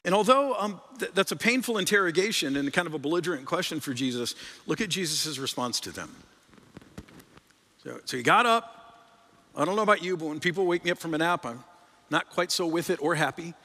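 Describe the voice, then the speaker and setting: A man's voice: expressive, brisk, pushed and bright. A man preaching a sermon as pastor, conversational and often restarting words, his voice climbing and swelling for emphasis. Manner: conversational, rises in pitch and volume for emphasis, repeats words. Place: church sanctuary. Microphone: stage microphone. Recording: long reverb of a large hall.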